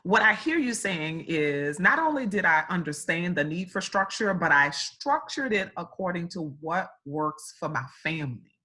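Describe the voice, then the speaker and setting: A woman with a lowish, slightly rough voice hosts a casual interview, speaking at normal speed with lively intonation and a sharp tone. She often repeats herself and restarts her questions, and she sums up what her guest says.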